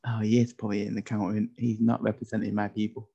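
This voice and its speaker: A man's voice: fairly low pitch, monotone, fast, vocal fry, noisy background. A man with a lisp hosting a podcast, chatting casually and joking around, often tripping over his words. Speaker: podcast host. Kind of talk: casual chat. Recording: dull lo-fi podcast audio.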